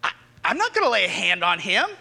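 A man voicing exasperated temple officers who protest loudly in disbelief. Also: wildly swooping pitch, fast, gravelly, in a large hall, heavily acted. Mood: incredulous. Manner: high-pitched, loud, incredulous protests.

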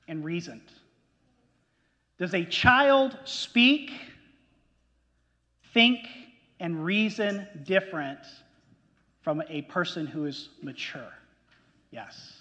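A man preaching a sermon as pastor, emphatic and pausing to ask the congregation questions. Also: high-pitched, a bit bright. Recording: long hall reverb.

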